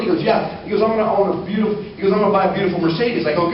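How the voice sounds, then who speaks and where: Fast-talking man telling a story, echoey hall. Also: high voice, a little hiss or hum. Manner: animated storyteller acting out quotes. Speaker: motivational speaker. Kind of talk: motivational storytelling talk. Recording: distant echoey lo-fi room recording.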